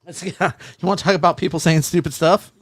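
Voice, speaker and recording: A man's voice: fairly high pitch, steady tone, fairly quick, slightly rough, no echo. A man co-hosting a casual podcast, cracking playful jokes and wisecracks. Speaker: podcast co-host. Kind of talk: casual chat over beers.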